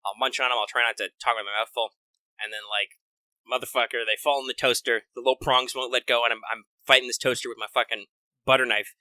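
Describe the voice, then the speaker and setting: A man co-hosting a podcast, telling quick, profane stories in casual chat. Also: mid-range voice, little pitch movement, sharp tone, no room sound. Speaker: podcast co-host.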